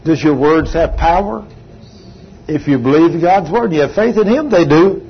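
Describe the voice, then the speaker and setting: An older man preaching a sermon, telling a testimony with emphatic, drawn-out phrases. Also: on the high side, animated, husky. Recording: slightly dull sound, faint background hum.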